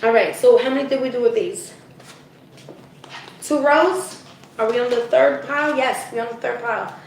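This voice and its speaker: Woman reading cards live, chatty, somewhat high voice, losing her voice, very echoey room, set back from the mic. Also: normal speed, vocal fry, far from the mic, a little hiss or hum. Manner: chatty, addresses viewers as "guys", frequent "okay?". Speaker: spiritual card reader. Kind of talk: live-stream card reading.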